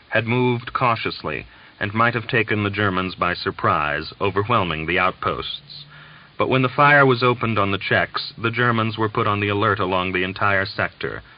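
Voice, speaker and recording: A man with a low voice reads a novel aloud in a measured, steady audiobook narration. The sound is dull and lo-fi.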